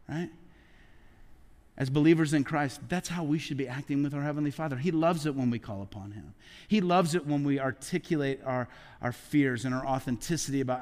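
A middle-aged man preaching a sermon as pastor, who often drops into a low hushed voice. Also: brisk. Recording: long hall reverb.

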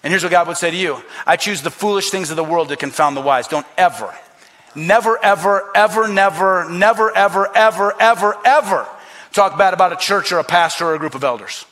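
A man's voice: on the high side, fast talker, few pauses, fairly bright tone. A man preaching a sermon as pastor, emphatic and repetitive, acting out quoted voices.

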